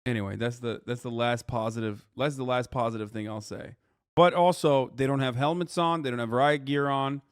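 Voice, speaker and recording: A man in his thirties streaming live reaction commentary, ranting and swearing, jumping between loud outbursts and low mutters. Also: steady tone, moderate pace, clear, resonant tone, dry recording, studio quality. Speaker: streamer reacting to a news video.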